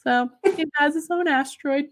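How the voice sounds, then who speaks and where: A woman's voice: sits high, normal speed. A woman casually sharing fun facts on a podcast, giggly and enthusiastic. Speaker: podcast host. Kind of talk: casual chat, reading out facts.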